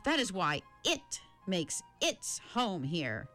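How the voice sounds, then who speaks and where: A woman's voice: lowish voice, very animated, slow pace, bright, forceful tone, faint music behind, exaggerated voice. A woman reading the part of an anxious boy newspaper carrier who recites his words stiffly, as if from a manual. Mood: stiff, recited.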